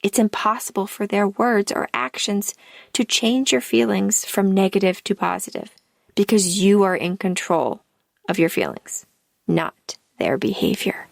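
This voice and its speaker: A woman life coach hosting her podcast, speaking in a calm, deliberate scripted monologue, and her line ends often trail off into breath. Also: mid-range voice, creaky, dry recording, studio quality.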